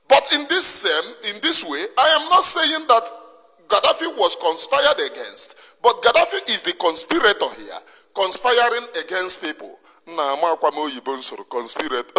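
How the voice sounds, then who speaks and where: With a Nigerian Igbo accent and a sharp, high-pitched voice, an activist commentator repeats himself in a passionate, preachy tirade of emphatic scolding. The recording carries long reverb.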